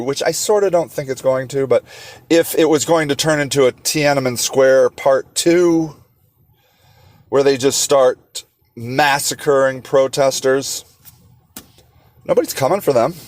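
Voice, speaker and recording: A man hosting a solo podcast, talking with passion and sarcastic rhetorical questions, halting often with fillers and restarts. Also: on the high side, no echo. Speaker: podcast host.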